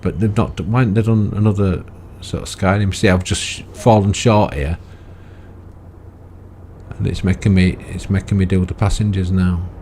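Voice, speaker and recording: A man's voice: low voice, steady tone, moderate pace, a little mellow, slight background noise. A man giving rambling, chatty gameplay commentary, often ending remarks with tag questions. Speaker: gaming video creator.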